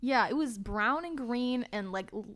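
A woman's voice: fairly high pitch, moderate pace. A young adult woman telling a story in a casual chat and acting out what people said. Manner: animated, quotes people in lively voices.

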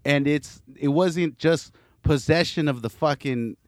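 A man's voice: a little high, a little slow, dry recording, clean studio sound. A man co-hosting a podcast, telling a long profane story in casual chat and acting out what people said. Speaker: podcast co-host.

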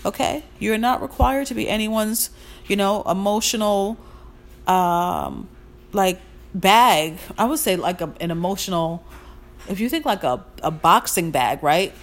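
A woman hosts a motivational podcast in an animated voice that swoops up and down. She talks in a casual, sassy way, leaning hard on her points and repeating them for emphasis. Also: medium pitch, a little slow. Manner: emphatic, preachy, repeats her points and calls listeners "queens"; casual and sassy, with slang and mild swearing. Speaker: podcast host.

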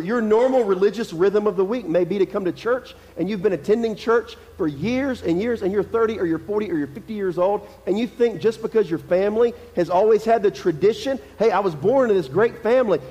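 A man's voice: high voice, mellow, long reverb tail, low-quality recording. A male pastor preaching a sermon in a conversational, emphatic way, repeating his key phrases. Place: church sanctuary.

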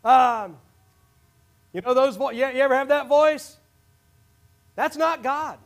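A man with a very high voice delivers a sermon as the pastor, preaching with passion. He swings from near-shouted declarations to hushed, low asides. It sounds like a church service in front of a congregation. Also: takes it slowly. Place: church sanctuary.

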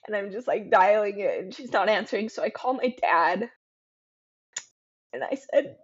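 A woman in her thirties, a podcast guest, telling a personal story in a halting, emotional way with frequent ums and restarts. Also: mid-range voice, expressive, husky, lo-fi sound.

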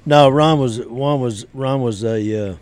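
A man's voice: mid-range voice, measured pace, darkish tone. A man, a guest telling stories in an easygoing, rambling way. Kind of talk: casual storytelling chat.

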